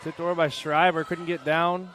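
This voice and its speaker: A young man offering relaxed, analytical color commentary on a high school volleyball match. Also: moderate pace. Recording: faint gym noise behind.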